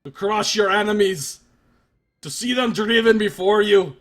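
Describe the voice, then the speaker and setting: A man putting on an impression of a gruff, muscular action-movie hero, shouting loud and forced. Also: sits high, a little slow, pitched above the performer's own voice. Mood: bellowing.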